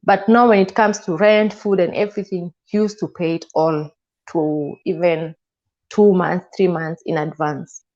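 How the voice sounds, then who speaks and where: Woman guest, lower register, animated storyteller; dull, muffled audio. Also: measured pace. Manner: animated retelling with frequent "and I'm like" asides. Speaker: guest telling her story. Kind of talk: personal storytelling interview. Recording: slightly muffled, dull sound.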